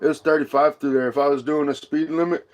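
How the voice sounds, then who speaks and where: Guy on a livestream, cussing and ranting, kinda high voice, wound up. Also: steady tone, fast. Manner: profane, ranting, high-strung. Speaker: livestream host. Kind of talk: casual livestream chat.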